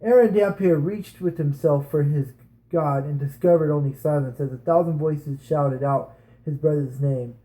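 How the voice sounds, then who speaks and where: A young man with a somewhat high voice reads aloud for viewers in a casual, informal way. He often trips over names and corrects himself, and breaks off into easygoing chat. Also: moderate pace, mellow. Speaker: amateur reader.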